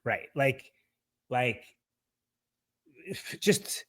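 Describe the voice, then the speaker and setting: A man's voice: medium pitch, expressive, extremely slow, a bit bright. A man co-hosting a podcast in casual chat, who laughs easily and stammers and restarts while he thinks aloud. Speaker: podcast co-host.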